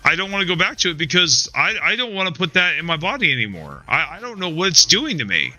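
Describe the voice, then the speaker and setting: A man's voice: fairly high pitch, big pitch swings, quick pace, few pauses, bright, forceful tone, dry recording, soft background music. Profane, rambling male game streamer. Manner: rambling, profane, frustrated, with frequent restarts and "man" and "dude". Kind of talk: casual live-stream chat while playing.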